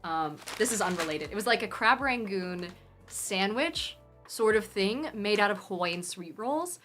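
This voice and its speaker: A young woman chats with her viewers on a phone stream. She rambles through excitable rants and swears freely, with her voice at an everyday middle pitch. Soft music plays faintly behind her. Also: measured pace. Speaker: live streamer. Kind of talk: casual chat with viewers. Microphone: phone mic.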